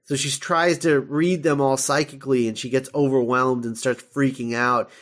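A man's voice: medium pitch, fairly even intonation, moderate pace, a bit bright. Chatty man recapping with frequent laughs. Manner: chatty, laughs often, many fillers while retelling. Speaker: podcast co-host. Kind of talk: casual episode recap.

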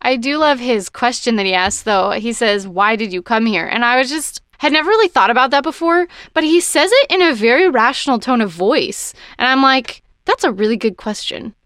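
A woman's voice: a little high, lively intonation, normal speed, few pauses, fairly bright tone, no echo, clean studio sound. A woman in casual chat about a film, playful and laughing a lot. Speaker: podcast co-host discussing a film.

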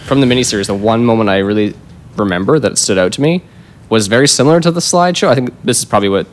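A man with a mid-range voice co-hosts a casual podcast. He lays out his opinions carefully, now and then speeding up in quick bursts. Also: medium pitch, lively intonation, a little hiss or hum. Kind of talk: casual panel discussion.

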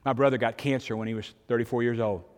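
A man's voice: mid-range voice, fairly even intonation, fast talker, long reverb tail. An older man, preaching a sermon in a conversational storytelling way, with sudden emphatic rises. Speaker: pastor.

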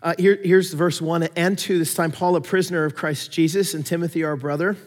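A man preaching a sermon, telling stories with animated swings between loud emphasis and quiet asides. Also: fairly high pitch, a little fast, in a large hall. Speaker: pastor.

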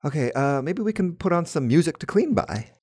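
A man's voice: fairly high pitch, lively intonation, a little fast, darkish tone, slightly rough, dry recording, clean studio sound. A man hosting a children's audio show, friendly and encouraging, speaking straight to the young listeners. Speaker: host.

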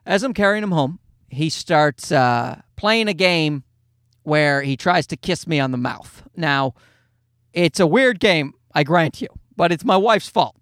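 A man's voice: a little high, lively intonation, unhurried, a bit bright, dry recording, studio quality. A man, a father, casually telling a rambling, self-mocking anecdote in a jokey monologue.

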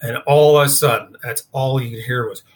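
A man's voice: medium pitch, steady tone, fairly quick. A man, a guest in an interview, recounting a story in a casual, rambling way with lots of fillers. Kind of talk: storytelling in conversation.

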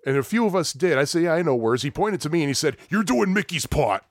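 A man's voice: on the high side, racing, no room sound, studio quality. A man telling a long story in casual chat, rambling, laughing often and acting out what people said. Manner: rambling and animated, with frequent laughs and acted-out quotes.

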